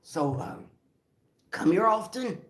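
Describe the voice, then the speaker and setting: A man voicing a portly man making smooth, suggestive come-ons at a club, in a quiet, lower voice. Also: animated, slow pace, exaggerated voice. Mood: flirty. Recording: roomy echo.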